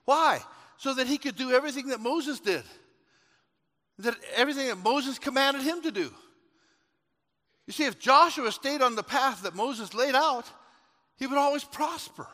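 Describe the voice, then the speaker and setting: A man preaches in a very high, bright, forceful voice. He tells folksy stories and then rises to shouted exhortation. A long reverb trails through the large church hall. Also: animated, moderate pace, long pauses. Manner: storytelling that builds to shouted preaching. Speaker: pastor. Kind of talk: sermon.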